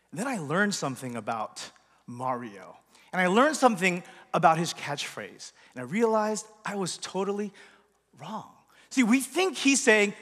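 A man's voice: sits high, big pitch swings, unhurried, a bit bright. A man giving a conversational sermon as pastor, chatty and asking the congregation questions, in a church hall. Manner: chatty, asks the audience questions. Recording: long reverb of a large hall.

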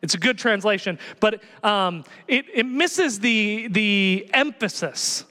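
A male pastor preaching passionately, swinging from hushed lines to loud exhortation. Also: sits high, animated, takes it slowly. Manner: passionate, builds to shouting exhortations. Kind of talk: sermon. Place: church. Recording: long reverb of a church hall.

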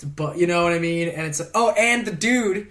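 A man's voice: high voice, moderate pace, a bit bright. A man chatting casually as a podcast guest, rambling and laughing as he tells stories and swears now and then. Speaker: podcast guest, props worker. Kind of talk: casual chat.

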